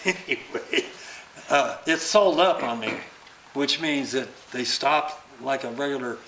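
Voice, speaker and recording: An older man, a stuntman, telling an animated story about a past job and acting out the action. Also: mid-range voice, noisy background. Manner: animated, acts out the action with sounds and laughter. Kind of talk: anecdotal storytelling. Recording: roomy recording.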